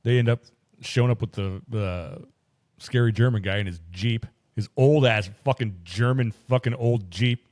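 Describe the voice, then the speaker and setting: Profane, animated male podcast host. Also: lowish voice, normal speed. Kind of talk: casual chat retelling a movie.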